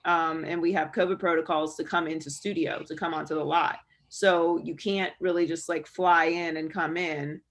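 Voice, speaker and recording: A woman sports broadcaster candidly answering student questions over a video call, relaxed and full of fillers. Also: sits low, moderate pace, hardly any pauses.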